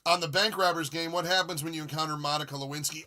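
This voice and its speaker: Talking fast, this forty-something man hosts a laid-back, meandering retro gaming livestream. His voice is a touch high, bright and edged, and he's excitable and full of jokes. He reads messages from chat aloud and reacts to his audience with excitement.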